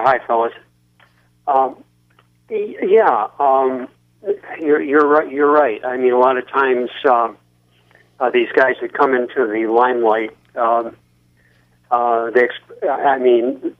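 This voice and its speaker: A male caller phoning into a radio show at a mid-range pitch. He speaks haltingly, with frequent ums and uhs. The audio comes through a thin, tinny telephone line. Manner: hesitant, many ums and uhs. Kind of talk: call-in comment.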